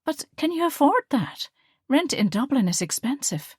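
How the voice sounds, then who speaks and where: A woman voices an eager young woman student, pitching above her own natural voice so it sits high with big pitch swings. She speaks at a moderate pace in a clean studio recording with no room sound.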